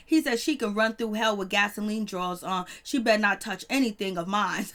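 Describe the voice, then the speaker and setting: A woman's voice: a little high, fairly even intonation, moderate pace, few pauses, a bit bright. A woman giving a chatty, laughing recap of a reality TV episode, often exclaiming to herself. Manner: chatty, laughing, exclaims "Lord have mercy". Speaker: show recap reviewer.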